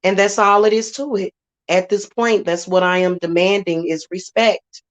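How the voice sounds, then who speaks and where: A woman's voice: mid-range voice, fairly even intonation, moderate pace, no room sound. Blunt laughing woman, dry dull sound. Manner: blunt, laughs often, talks back to chat. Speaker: livestream host. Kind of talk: casual livestream chat.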